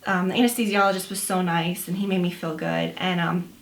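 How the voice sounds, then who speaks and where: A woman's voice: on the low side, level tone, brisk, gravelly. Young woman chatting in an echoey room. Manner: chatty, many fillers and quoted asides. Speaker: vlogger, new mother. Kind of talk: casual storytelling. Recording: roomy echo.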